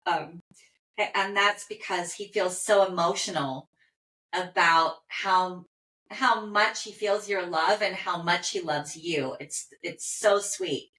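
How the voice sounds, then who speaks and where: A woman working as an animal communicator, speaking gently and from the heart, with soft little affirmations between thoughts. She talks at a slow, unhurried pace in a bright, clear tone. The room around her is roomy and echoing. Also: on the low side. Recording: roomy echo.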